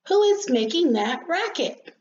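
A woman voicing a fussy little rosebud flower girl who wants to be left alone, speaking in a high, insistent, peevish way. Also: sing-song, unhurried, a little mellow, roomy sound. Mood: annoyed. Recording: slightly dull lo-fi recording.

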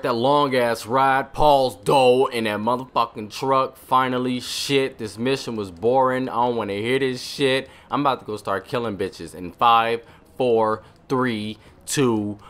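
A man giving casual commentary over his video game playthrough, profane and excitable, full of trash talk. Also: mid-range voice. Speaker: gaming channel host.

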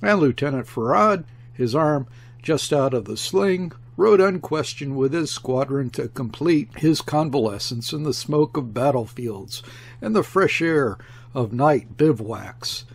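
A man narrating a classic novel as an audiobook, with a husky, slightly raspy tone and a gravelly edge. His delivery is animated, and his pitch rises and falls a lot as he reads. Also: measured pace. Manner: expressive, shifts tone for quoted speech. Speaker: audiobook reader. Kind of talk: scripted narration.

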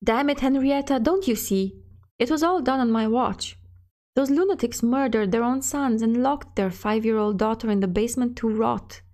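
A woman's voice: on the high side, normal speed, mellow, close to an everyday voice. A woman reading the part of a middle-aged male sheriff, heavy with guilt and self-reproach, in a storybook reading. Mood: anguished.

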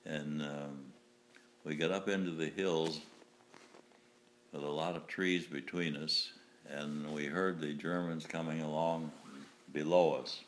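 Older male veteran, very low voice, halting storyteller, faint room ambience. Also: fairly even intonation, a little hiss or hum. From United States. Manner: halting, with restarts and chuckles. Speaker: WW2 veteran interviewee. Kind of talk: recounting war memories.

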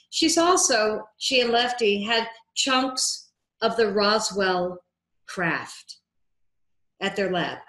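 A woman filmmaker, a guest in an interview, telling a lively story and acting out the dialogue she quotes. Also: medium pitch. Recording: echoey room.

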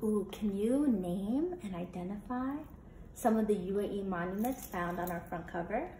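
Brief: woman teacher, animated interactive read-aloud for children, echoey room, faint noise. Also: mid-range voice, normal speed. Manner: animated, asks children questions.

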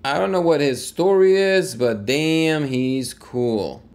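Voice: medium pitch, takes it slowly, a little mellow. A movie reaction host from Quebec with a Quebec French accent, thinking aloud and exclaiming as they watch. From Quebec, Canada. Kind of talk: casual movie reaction commentary. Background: film soundtrack music.

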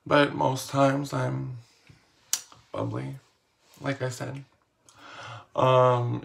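Gravelly and fairly bright, this vlogger's mid-range voice carries a casual Q&A. He reads every question out loud, then answers with slang, playfulness, and a self-mocking streak.

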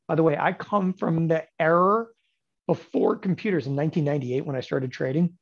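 A man in his forties teaching options trading in a lecture, emphatic and sarcastic, with animated bursts. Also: fairly high pitch, brisk, gravelly, breathy edge, lo-fi sound. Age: 40s.

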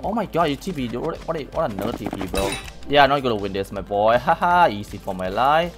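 Excitable young man taunting in a game. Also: mid-range voice, fast, over music. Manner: excitable, taunting opponents, non-native English. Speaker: gaming YouTuber. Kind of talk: live gameplay commentary.

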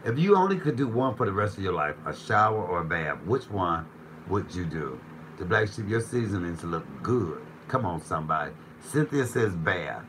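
A man's voice: low voice, very animated, normal speed, fairly bright tone, a little hiss or hum, low-quality recording. Joking man hosting a live cooking stream. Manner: playful, joking, chatty. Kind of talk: casual live-stream chat reading comments.

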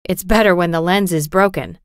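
A woman voicing a calm, caring teenage boy in a storybook, in her own slightly lowered, gentle voice. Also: normal speed, smooth, dry recording, clean studio sound, close to an everyday voice.

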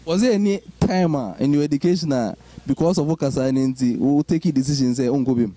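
A man's voice: mid-range voice, fast, mellow, dry recording. A man interviewing a guest, asking questions in Twi mixed with English. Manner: asks questions, code-switching between Twi and English.

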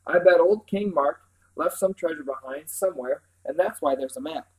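A man reads the part of a bossy older boy in a storybook. He talks in a sharp, scornful way and is quick to dismiss others. His voice sits a little high. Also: natural voice, poor audio. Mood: eager. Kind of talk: reading a novel aloud.

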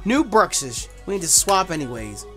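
A young man streaming with friends, accusing a friend in mock outrage and shouting often. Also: high-pitched, very animated, moderate pace, loud music behind the voice. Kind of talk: casual chat with friends on a stream.

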